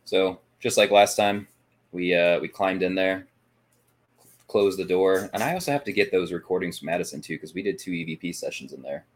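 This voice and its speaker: Man, low voice, paranormal podcast co-host, casual rambling recap. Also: a little fast. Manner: rambling, with frequent restarts and fillers.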